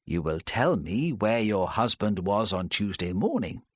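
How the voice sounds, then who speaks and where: Brief: male reader doing a steady, probing detective, with lively pitch. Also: dry recording, studio quality. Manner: calm, measured questioning. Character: patient, probing male police inspector.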